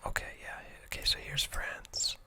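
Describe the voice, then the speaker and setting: A host with a Canadian accent whispering softly through a relaxed ASMR map tour, gently hesitant. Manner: soft, unhurried, gently hesitant with fillers.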